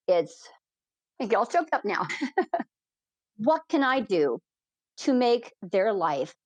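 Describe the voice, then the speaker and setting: A woman in an interview recounts her flights with heartfelt, animated energy, her speech rushing in quick bursts. She has a mid-range voice for a woman. The recording is dry and close, with no room sound. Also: mid-range voice, no echo. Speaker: hot air balloon pilot, guest. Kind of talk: emotional storytelling in a podcast interview.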